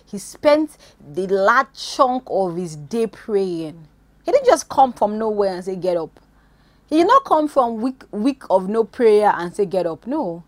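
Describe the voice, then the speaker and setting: A woman gives an informal devotional talk straight into her phone. Her delivery is animated: loud bursts give way to soft, quiet asides. The sound is dry and close, with no room echo. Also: medium pitch. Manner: animated, swings from loud exclamations to quiet asides, frequent "you get me". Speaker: preacher.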